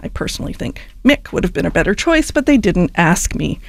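A woman's voice: lowish voice, very animated, fairly quick, vocal fry, no echo. A woman radio host reading a light news story with a wry, playful delivery. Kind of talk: scripted radio news item.

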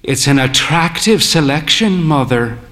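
A man's voice: a little high, animated, measured pace, a bit bright. A man reading a story, voicing a thin, fey, jokey man in late middle age with a droll drawl.

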